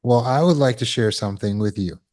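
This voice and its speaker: A man's voice: mid-range voice, fairly quick, a little mellow. A man giving a spoken lesson to an online audience. As a healing course teacher, he asks rhetorical questions and repeats words while he thinks.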